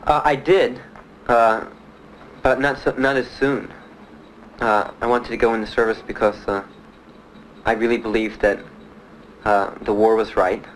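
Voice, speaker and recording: A man from Miami, a Marine veteran, telling his story in an interview, plain-spoken and halting with many fillers. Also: mid-range voice, fairly even intonation, a little hiss or hum, low-quality recording. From Miami, United States. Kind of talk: interview recollection.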